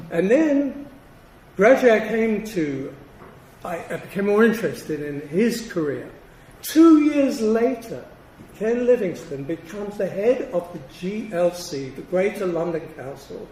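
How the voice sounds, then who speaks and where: A man in his sixties giving an academic lecture, measured and emphatic, with deliberate pauses between phrases. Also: a little high, darkish tone. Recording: roomy, distant hall sound with faint noise.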